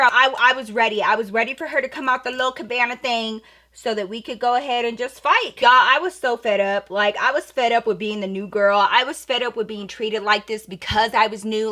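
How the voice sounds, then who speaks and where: Young woman vlogger, high bright voice, animated storytime delivery, swears freely. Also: normal speed. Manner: animated, profane, acts out quoted dialogue. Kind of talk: storytime while getting ready.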